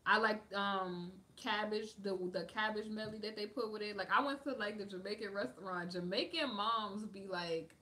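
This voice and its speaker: A woman with a bright, crisp voice at a middle pitch chats loosely with her viewers. She hosts a casual livestream, filling her sentences with "like" and wandering from one topic to the next. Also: moderate pace, hardly any pauses. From United States. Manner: chatty, lots of "like" fillers, drifts between topics. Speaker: livestream host answering viewer comments. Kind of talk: casual chat.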